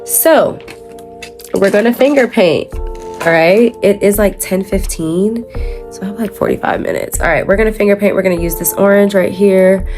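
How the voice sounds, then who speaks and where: This makeup vlogger, a young adult woman, talks loosely as she applies her makeup, correcting herself, filling pauses, and laughing readily in slangy speech. Her voice is mid-range with a darkish tone, over soft background music.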